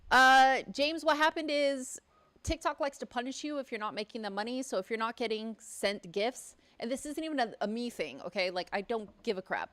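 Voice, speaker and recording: Slightly high and fairly bright, the woman's voice is animated and brisk. She runs a casual livestream out of her home studio, gabbing freely, saying what she thinks, and swearing when annoyed, with the studio mic picking up room sound.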